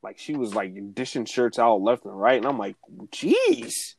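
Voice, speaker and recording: A man's voice: on the low side, steady tone, a little fast, vocal fry, low-quality recording. A man in casual conversation, telling a story loosely with many fillers. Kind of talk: casual chat.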